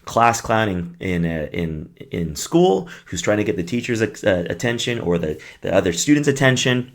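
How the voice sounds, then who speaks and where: A man's voice: fairly low pitch, very animated, moderate pace. A middle-aged man, a behavior analyst, giving a conversational parenting lesson and acting out short dialogues. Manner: conversational, acts out little dialogues.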